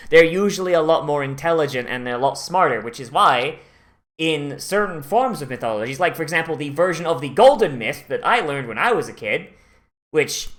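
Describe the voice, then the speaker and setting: A host giving casual, rambling commentary after an anime watch-along, animated and full of swearing. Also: medium pitch.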